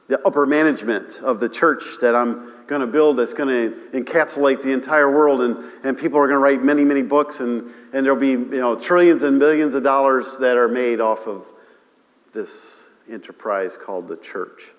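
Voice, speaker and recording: Male pastor, lively sermon, keeps asking amen, long church reverb. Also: medium pitch, moderate pace. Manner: animated preaching, calls for amens, repeats himself. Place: church sanctuary.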